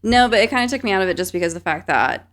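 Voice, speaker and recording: A woman's voice: medium pitch, lively intonation, racing, fairly bright tone. A woman co-hosting a podcast in casual chat, chatty and laughing easily, with lots of fillers. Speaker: podcast co-host.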